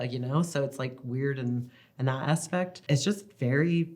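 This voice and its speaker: A woman in her thirties, a guest in a casual interview, telling family stories in a chatty, animated way. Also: rumbling low, normal speed. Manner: chatty, animated storytelling with acted-out quotes. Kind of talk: casual chat.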